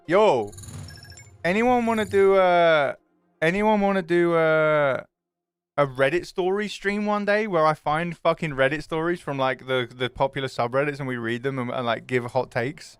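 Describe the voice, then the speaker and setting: A man's voice: on the high side, smooth, no echo, faint music behind. A young man, chatting casually and jokingly with his stream viewers, swearing freely. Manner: chatty, jokey, quick to swear.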